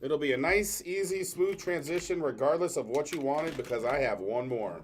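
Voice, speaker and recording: A man's voice: a little high, expressive, moderate pace, a little hiss or hum. A man hosting a casual livestream, talking straight to viewers and keeping the giveaways moving. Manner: upbeat, addresses viewers directly, keeps things moving. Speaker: livestream host running giveaways.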